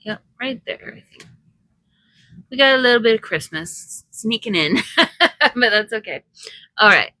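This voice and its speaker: Slow, gravelly woman crafting aloud. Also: mid-range voice, rough recording. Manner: chatty, thinking aloud while working, soft laughs. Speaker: crafting vlogger. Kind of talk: casual crafting commentary.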